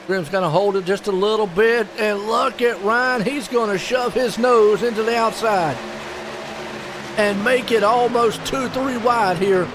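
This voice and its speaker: A man calling a live sim race play-by-play, excitable and folksy. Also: sits high, measured pace, noisy background. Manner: excitable, folksy, puzzled asides. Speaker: race commentator.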